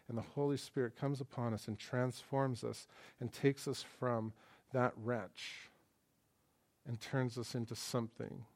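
Man, pastor, sermon, conversational and joking, mid-pitched voice, quiet to emphatic. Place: church.

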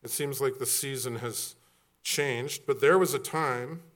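A middle-aged man preaching a sermon as pastor, animated and joking, with quick storytelling asides. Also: medium pitch.

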